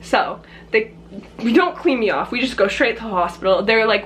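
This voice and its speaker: A young woman vlogger telling a casual storytime, chatty and quick to laugh, acting out what people said. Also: fairly high pitch, expressive, a bit bright, a little hiss or hum. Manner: chatty, laughing often, swearing, acting out quotes.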